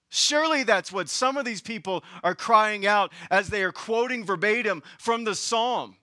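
A man with a Southern US accent preaching a sermon as pastor, passionately shifting between hushed and raised delivery. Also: high voice, moderate pace, few pauses, no echo, studio quality.

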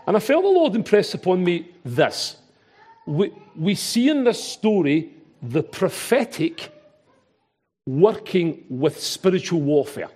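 A man with a Glaswegian accent preaches in a husky, slightly high voice. He is animated and chatty and keeps breaking off and restarting his sentences. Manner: animated, chatty, self-interrupting. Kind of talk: sermon.

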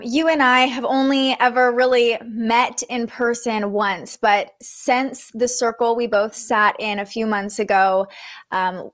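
A woman's voice: on the high side, fairly bright tone. A woman hosting a spiritual interview livestream, upbeat and enthusiastic, in her thirties. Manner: bubbly, enthusiastic. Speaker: host.

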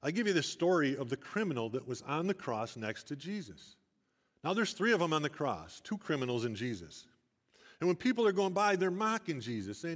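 A man's voice: fairly high pitch, big pitch swings, fairly quick. Older man preaching in a reverberant hall. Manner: earnest, storytelling, rising emphasis. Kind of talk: sermon.

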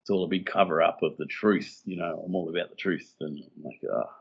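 A man's voice: deep voice, steady tone, fairly quick, gravelly, husky. A man co-hosting a casual chat podcast about scripture, joking and chuckling through loose, rambling asides. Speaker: podcast co-host. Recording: dull lo-fi sound.

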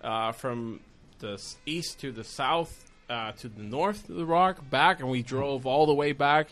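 A man with a Puerto Rican accent, Spanish being his first language, spins a rambling story in a relaxed chat. He swears freely and bursts into loud acted-out quotes. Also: medium pitch, unhurried, soft background music. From Puerto Rico. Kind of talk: casual chat.

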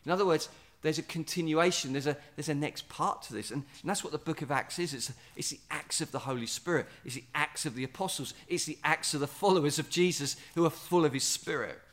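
Guy preaching a sermon, kinda high voice, earnest, stretches out key words. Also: a bit bright. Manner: earnest, repeats words, slows down for emphasis. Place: standing in a building site or venue.

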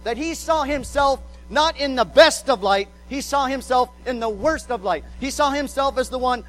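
A man's voice: extremely high pitch, normal speed, hardly any pauses, low-quality recording. A male pastor preaching a sermon, emphatic, repeating words as he drives points home and acting out quotes.

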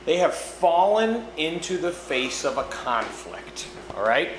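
Slow, lively-pitched man preaching. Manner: conversational, checks in with listeners. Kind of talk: sermon. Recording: echoey room with background noise.

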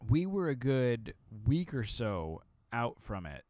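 A man's voice: mid-range voice, very animated, slow pace, darkish tone, no room sound. A man co-hosting a podcast, talking casually with frequent restarts. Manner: conversational, hesitant restarts. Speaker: podcast co-host. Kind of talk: casual chat.

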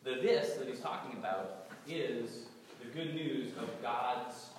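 A man from New England with a New England accent and a cold, preaching a sermon in a conversational, gently humorous way and sometimes repeating his words. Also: medium pitch, expressive, a little slow. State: has a cold. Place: large church hall. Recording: echoey hall from far off, audible noise.

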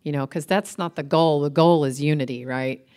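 In a relaxed, faith-centered chat, a middle-aged woman with a low, smooth voice co-hosts at normal speed. She shares everyday stories with lively animation and laughs often along the way.

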